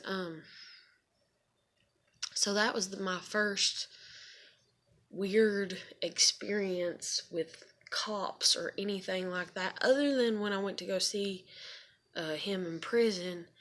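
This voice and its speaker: A woman's voice: mid-range voice, sharp tone. Rambling young woman with a drawl. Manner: rambling, lots of fillers and asides, swears freely. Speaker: vlogger. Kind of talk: casual storytelling to camera.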